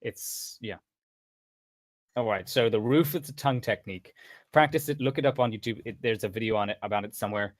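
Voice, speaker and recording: A man's voice: on the low side, a little fast, no room sound. A man casually coaching a voice-training session over voice chat, rambling with frequent restarts and asides.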